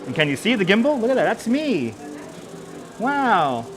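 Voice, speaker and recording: A man live-streaming a walk through the city on a clip-on mic, chatty and playful, now and then yelling. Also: high voice, big pitch swings, moderate pace, soft background music. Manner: chatty, playful, bursts into loud yelling and sing-song calls. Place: outdoors in a city and in an elevator. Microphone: wireless clip-on mic. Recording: street noise clearly behind.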